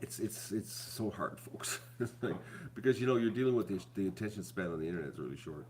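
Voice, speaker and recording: Guy talking to his viewers at home, kinda low voice, repeats himself a lot, faint hum behind. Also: expressive, fast, a little mellow. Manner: rambling, repeats himself, restarts; addresses viewers as folks. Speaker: vlog host. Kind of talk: casual chat to viewers.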